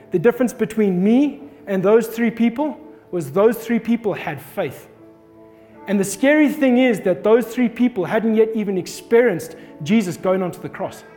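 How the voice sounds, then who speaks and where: A man in his thirties delivers a sermon built around a personal story, acting out his own shouts as he tells it. His voice sits high for a man. It rings with the long reverb of a hall, with faint music playing underneath. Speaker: pastor.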